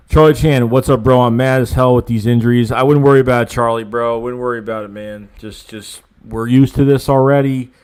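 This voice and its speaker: A young man from the Philadelphia area hosting a casual livestream, reading fan comments aloud and reacting with excitable, rambling talk, often restarting his sentences and groaning at himself. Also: lowish voice, smooth.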